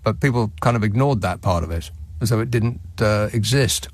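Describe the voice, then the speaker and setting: A man's voice: lowish voice, a little fast, dry recording. Dry sardonic male radio host. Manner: dry, sardonic, with frequent restarts. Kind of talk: talk radio phone-in and reading listener texts. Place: radio studio.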